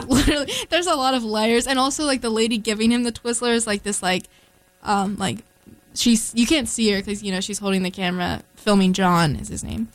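A woman's voice: fairly high pitch, a little fast, dry recording, low-quality recording. A young woman musician guesting on a radio show, chatting in a rambling, self-deprecating way with lots of fillers. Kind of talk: casual on-air chat. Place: radio studio.

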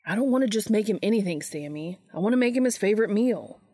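A gruff young man in a fan audiobook, defensive and nervous, as a woman puts him on. His voice sits somewhat low and dry, with a close recording. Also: moderate pace, no echo. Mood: flustered.

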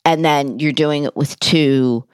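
A woman's voice: sits low, steady tone, slow pace, smooth, no room sound, studio quality. A woman guest in an interview, telling a personal story in a candid, conversational way with wry humor.

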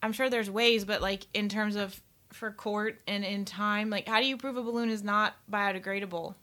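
A woman's voice: mid-range voice, fairly even intonation, normal speed, bright, forceful tone. A woman co-hosting a casual political talk show, wry and skeptical, with frequent "I mean" and "like".

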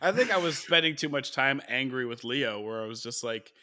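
Bright, lively sardonic man co-hosting. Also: medium pitch, brisk. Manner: sardonic, jokey. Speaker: podcast co-host. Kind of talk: casual chat.

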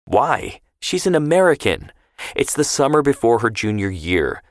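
A man's voice: medium pitch, sing-song, moderate pace, dry recording, studio quality, pitched above the performer's own voice. Man reading as a firm, practical mom. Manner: firm, arguing. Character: worried, practical mother, middle-aged woman.

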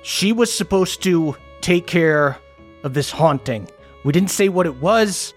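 A man's voice: a little high, normal speed, fairly bright tone, faint music behind. A man voicing a scared, hot-tempered male mercenary in a ram helm who swears and talks defensively.

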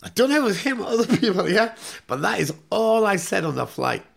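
Gravelly man telling a rowdy story. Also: high-pitched, big pitch swings, fast talker, fairly bright tone. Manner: swears constantly, tags lines with "yeah?". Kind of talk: casual profane anecdote.

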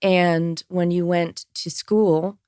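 A woman's voice: fairly low pitch, little pitch movement, takes it slowly, a little mellow, clear, resonant tone, dry recording, studio quality. A woman co-hosting a podcast interview, asking questions and often giving short, supportive replies. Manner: supportive, frequent short affirmations. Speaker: podcast co-host. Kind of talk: interview questions, casual chat.

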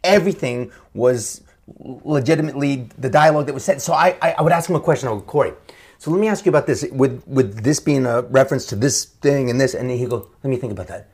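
A man speaking as a guest in a relaxed interview, his voice noticeably husky. He talks at a quick clip and slips into other people's voices as he tells stories. He sits at a middling pitch for a man. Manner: fast, animated storytelling with quoted voices. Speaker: actor guest. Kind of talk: casual interview chat.

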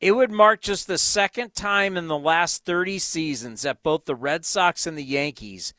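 A man hosting a radio sports show, reading out scores and breaking into excited outbursts. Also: on the high side, normal speed, no echo. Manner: excitable, bursts into loud exclamations. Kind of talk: scoreboard rundown.

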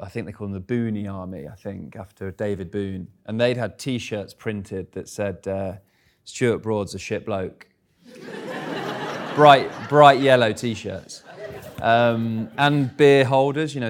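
English guy in his 30s at a live event, lowish voice, chatty, laughs at himself. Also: unhurried. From England. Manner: chatty, self-deprecating, laughs at own stories. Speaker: guest speaker. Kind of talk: live stage interview, storytelling.

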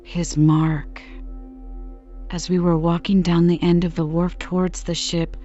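Low mellow woman reading for sleep. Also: little pitch movement, unhurried, muffled recording, faint music behind. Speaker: podcast reader. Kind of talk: calm bedtime audiobook reading.

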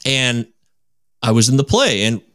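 A man in his forties, a guest in a casual chat, telling stories with animated, self-mocking humor. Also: medium pitch, unhurried, dry recording, studio quality.

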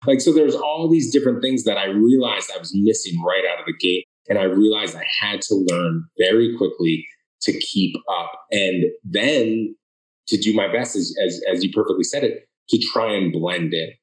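A man from the Boston area, Massachusetts, answers interview questions as an author guest, his low-leaning voice at normal speed in a low-quality, echoey recording. He tells his story earnestly, restarting often.

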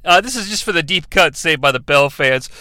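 A man's voice: on the high side, lively intonation, brisk, sharp tone, no echo. A man hosting a comedic podcast, rambling and profane, often interrupting himself and laughing. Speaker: podcast host. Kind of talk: comedic solo podcast riff.

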